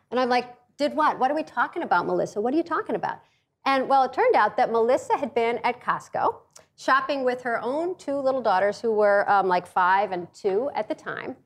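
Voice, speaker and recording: A middle-aged woman gives a funny talk, her high voice swooping all over as she tells stories. She jokes freely and acts out other people's voices, pacing as she speaks. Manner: paces while speaking. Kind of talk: humorous storytelling talk.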